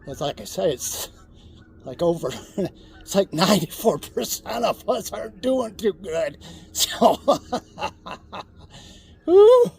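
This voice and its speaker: A man's voice: high-pitched, animated, slow pace, creaky, long pauses. An older man chatting casually in his vlog, chuckling often as he rambles from a cold plunge tub outdoors. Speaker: vlogger.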